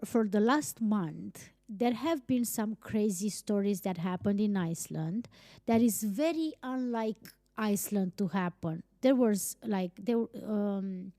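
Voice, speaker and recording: A young woman from Romania, hosting a podcast and telling a personal story in a chatty, animated way, full of "like" fillers and casual swearing. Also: mid-range voice, dry recording, clean studio sound. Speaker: podcast host.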